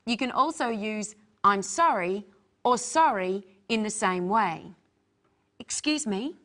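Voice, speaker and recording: A woman co-hosting a scripted English lesson, modelling each phrase clearly for learners to repeat. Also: medium pitch, expressive, measured pace, fairly bright tone. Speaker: English teacher, co-host.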